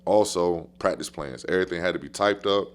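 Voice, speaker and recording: A man with a very deep voice tells stories from his coaching career in a loose, slangy podcast style. He talks with plenty of animation and hammers his points by repeating short phrases. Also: fairly quick. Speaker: basketball coach. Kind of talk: casual podcast storytelling.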